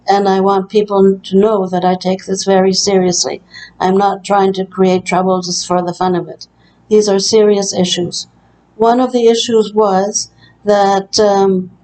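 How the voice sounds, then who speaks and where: Brief: bedbound woman recording a testimony in her care-home room, mellow tone, earnest and aggrieved, halting delivery. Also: mid-range voice, poor audio. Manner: earnest, aggrieved, hesitant with frequent uh. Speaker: long-term care resident. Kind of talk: personal testimony vlog.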